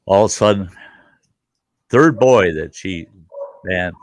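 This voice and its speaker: An older man hosting a show, telling stories in an animated, profane way and acting out the people in them. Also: low-pitched, slow, no echo. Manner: animated, profane, acts out voices. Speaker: host. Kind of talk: casual storytelling.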